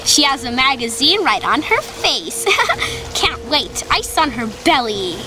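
A woman's voice: high voice, very animated, takes it slowly, over music, exaggerated voice, poor audio. Woman doing a sneaky giggly little prankster doll. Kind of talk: doll play acting.

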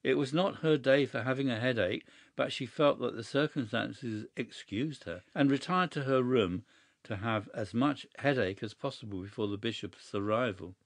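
A man narrating a classic short story in a measured, even storytelling manner. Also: medium pitch, no room sound, clean studio sound.

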